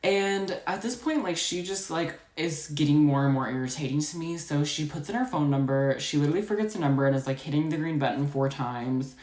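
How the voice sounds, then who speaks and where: A woman telling a customer-service story in a chatty, rapid, animated way, full of filler words. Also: low-pitched. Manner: chatty, full of "like" and "you know". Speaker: storytime vlogger. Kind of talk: casual storytelling. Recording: echoey room.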